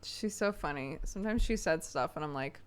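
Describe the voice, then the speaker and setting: A woman's voice: sits low, expressive, fairly quick, smooth. A woman streaming a game, chatting casually with viewers in a rambling way and laughing often. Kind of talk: casual chat with viewers while gaming.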